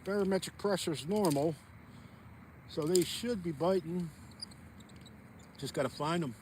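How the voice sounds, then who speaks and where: A man's voice: fairly high pitch, a little slow, a little mellow, a little hiss or hum. A man, chatting rambly to viewers while ice fishing outdoors on a frozen pond. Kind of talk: casual outdoor vlog chat.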